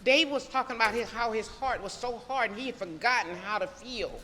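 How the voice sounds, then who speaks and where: A woman's voice: a little high, a little fast, pushed and bright, a little hiss or hum. Earnest woman preaching in a reverberant room. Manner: earnest, emotional, preacherly with rhetorical questions. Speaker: devotional speaker. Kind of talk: casual devotional talk.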